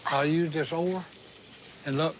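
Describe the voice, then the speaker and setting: A man's voice: a little high, steady tone, measured pace, slight background noise. An older man, joking and bantering in a folksy, playful way on a reality show. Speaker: family member on reality show. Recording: background music under the dialogue.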